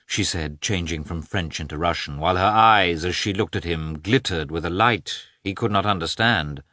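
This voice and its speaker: A man narrating a classic novel in an expressive, measured reading. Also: deep voice, dry recording, clean studio sound. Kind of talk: audiobook narration.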